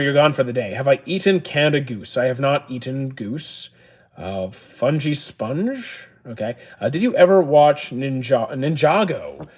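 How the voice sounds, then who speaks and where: A man streaming live, reading viewers' questions aloud and answering them plainly, with frequent "uh"s. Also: medium pitch. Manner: reads chat questions aloud, answers matter-of-factly with many "uh"s.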